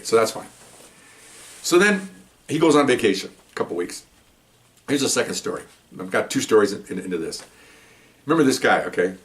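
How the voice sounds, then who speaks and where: A man in his sixties, a police veteran, telling stories in a rambling casual way. He keeps checking in with "okay?" and restarts his sentences often. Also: mid-range voice. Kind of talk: casual storytelling monologue.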